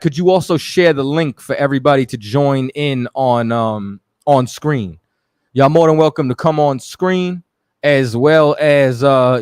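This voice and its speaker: A man hosting a radio stream, chatting loosely and giving shout-outs to viewers. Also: medium pitch, clean tone, dry recording, clean studio sound. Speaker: radio show host. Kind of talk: casual live-stream talk.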